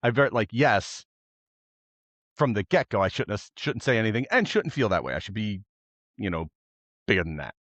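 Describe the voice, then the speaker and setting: A man co-hosting a casual podcast, expressive and quick to laugh, acting out what others said. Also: fairly low pitch, no room sound, lo-fi sound. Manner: expressive, laughs often, acts out quotes. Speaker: podcast co-host.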